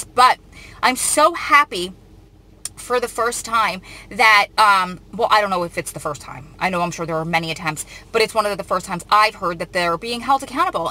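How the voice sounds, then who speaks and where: A woman's voice: medium pitch, sharp tone, rough recording. A young woman vlogger reading a news article aloud and reacting to it in an earnest, emotional way. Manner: earnest, emotional, often close to tears.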